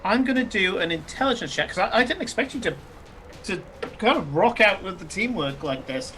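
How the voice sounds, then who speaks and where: A man narrating as game master of a tabletop game, speaking haltingly with many fillers. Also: sits high, expressive, pushed and bright, slight background noise.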